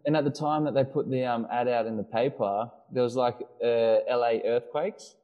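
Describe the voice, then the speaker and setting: A man's voice: mid-range voice, moderate pace, phone-quality sound. A man co-hosting a casual podcast, telling a long story with many restarts and fillers. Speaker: podcast co-host. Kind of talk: casual chat.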